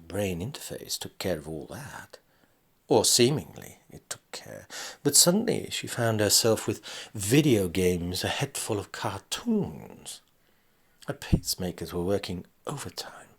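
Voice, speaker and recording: Slow husky whispering male storyteller. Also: fairly low pitch. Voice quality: husky, often sinking to a whisper. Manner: slow, halting delivery with long pauses and sighing "oh"s. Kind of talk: slow dramatic story narration.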